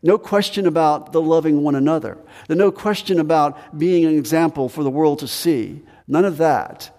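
A man preaching a sermon to his congregation in a conversational way, his pitch swinging up and down for emphasis. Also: moderate pace, a little mellow. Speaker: pastor. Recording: long reverb of a large hall.

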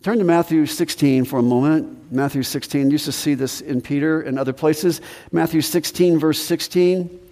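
A man preaching a sermon to his congregation in a conversational way, his pitch swinging up and down for emphasis. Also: normal speed, mellow. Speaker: pastor. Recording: long reverb of a large hall.

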